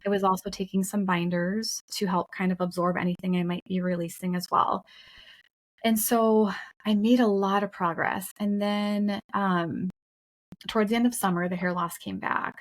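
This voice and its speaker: A woman's voice: medium pitch, fairly even intonation, normal speed. A woman co-hosting a podcast, telling her own story in a frank, emphatic, casual way, swearing now and then. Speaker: podcast co-host. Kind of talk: candid conversational storytelling.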